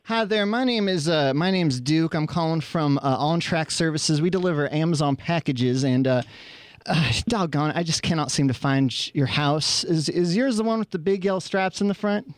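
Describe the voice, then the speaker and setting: A man's voice: fairly high pitch, normal speed, no echo, close to an everyday voice. A man voicing a lost, apologetic male delivery driver in a put-on regional American accent, stumbling through fillers. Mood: folksy, apologetic. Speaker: podcast host.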